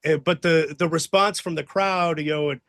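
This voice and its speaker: A man with a high-pitched, bright voice tells raucous, profane stories in a casual interview. He acts out excited shouts from the people in them. The recording is dry and close. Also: normal speed, dry recording. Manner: profane, excitable storyteller acting out others' voices. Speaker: wrestling guest telling stories.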